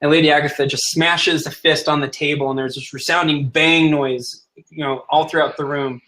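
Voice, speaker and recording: A man's voice: on the high side, fairly even intonation, moderate pace, pushed and bright, rough recording. A man narrating as game master of a tabletop role-playing game, who plays the characters in his own voice.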